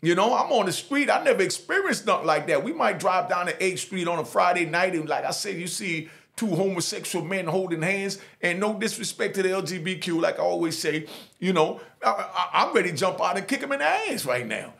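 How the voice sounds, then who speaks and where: Gravelly man telling prison stories. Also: lively intonation, brisk. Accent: Jamaican New York. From New York. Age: middle-aged. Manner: street slang, frequent "you know what I mean" asides; acts out other voices, dropping low and soft for them. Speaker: storyteller recounting prison life. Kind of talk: casual spoken storytelling.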